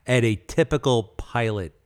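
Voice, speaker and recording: A man hosting a podcast, telling a story casually and haltingly with many fillers and small laughs. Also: mid-range voice, darkish tone, smooth. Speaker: podcast host.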